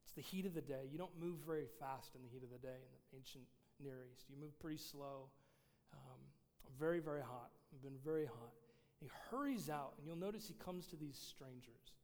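A man's voice: medium pitch, brisk, a little mellow. A man, a pastor giving a casual, conversational sermon with many fillers. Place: church sanctuary. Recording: long reverb of a large hall.

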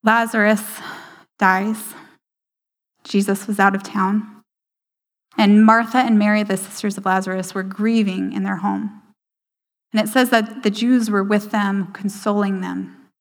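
A woman giving a sermon, slowing down for emphasis and dropping to a hushed voice for quoted lines. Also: medium pitch, little pitch movement. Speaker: speaker at a church service. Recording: hall reverb.

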